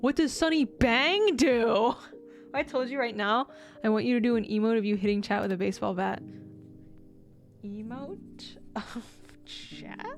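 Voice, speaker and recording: A young woman streamer chatting casually with her viewers, bubbly and excitable, often giggling. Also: on the high side, a little fast, soft background music. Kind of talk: casual live-stream chat.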